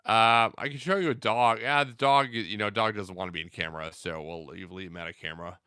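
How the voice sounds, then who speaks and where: A man's voice: on the low side, steady tone, fast, sharp tone, clean tone, no room sound, clean studio sound. A young man hosting a casual livestream, chatting in a laid-back, rambling way with lots of fillers as he answers viewers. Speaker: livestream host. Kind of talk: casual livestream chat, reading out viewer comments.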